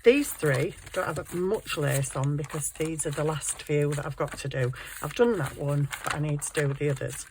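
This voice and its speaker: A woman talks through her journal crafting in a relaxed, chatty way, with a low voice and a gravelly edge that her scratchy throat adds to. She is self-deprecating and easily distracted. A faint hiss sits under the recording. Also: normal speed, hardly any pauses. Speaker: crafting vlogger. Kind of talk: casual crafting chat. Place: home craft desk.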